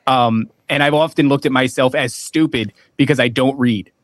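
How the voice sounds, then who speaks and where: Chatty slangy man, middle pitch. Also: normal speed, no echo. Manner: loose and chatty, slangy, says "dude". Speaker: podcast guest. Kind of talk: casual podcast chat.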